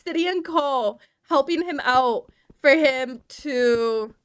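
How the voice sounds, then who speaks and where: A woman's voice: high-pitched, slow, dry recording. A woman from the American South with a Southern accent, rambling casually to her stream chat and laughing often.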